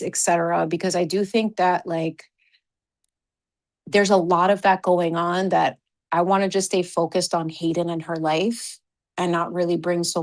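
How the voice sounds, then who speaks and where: A woman hosting a relaxed livestream chat. She shouts out her viewers in a gushing, effusive way, then settles into earnest, heartfelt talk. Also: on the low side. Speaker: livestream host.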